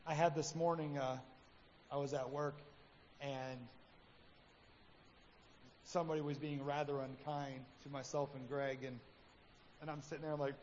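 A man with a fairly high voice preaches a sermon in a relaxed, conversational way, slipping into the voices of the people in his stories. The recording is dull and lo-fi, with a long hall reverb and faint noise behind him. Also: normal speed, long pauses. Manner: conversational preaching, acts out his own quotes. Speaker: pastor.

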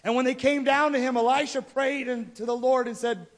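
A man with a strikingly high voice preaches, telling a scripture story in a loose, conversational way. He is animated and relaxed with his listeners. This is sermon storytelling. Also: fairly quick, hardly any pauses. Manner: casual, animated retelling of scripture.

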